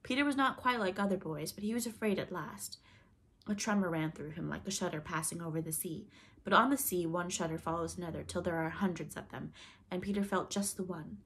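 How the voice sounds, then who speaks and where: A woman narrating a children's classic aloud, with a gentle, measured delivery. Her voice sits a little low for a woman. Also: a little hiss or hum. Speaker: storybook reader. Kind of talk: audiobook narration.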